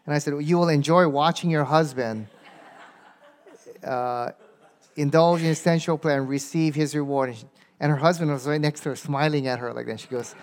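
A man teaching a church audience in a casual lecture, often checking in with "okay?" and reading passages slowly aloud. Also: fairly high pitch, steady tone. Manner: conversational, keeps checking in with "okay?" and reads verses aloud slowly. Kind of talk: informal lecture with audience questions.

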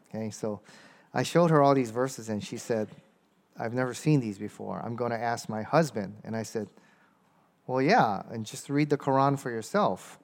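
A man teaching a church audience in a casual lecture, often checking in with "okay?" and reading passages slowly aloud. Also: medium pitch, gravelly. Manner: conversational, keeps checking in with "okay?" and reads verses aloud slowly. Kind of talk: informal lecture with audience questions.

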